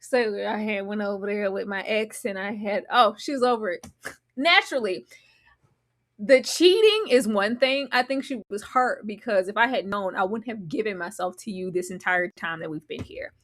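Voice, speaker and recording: A woman giving animated, sassy commentary recapping a reality show, often mocking the cast in put-on voices. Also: medium pitch, normal speed.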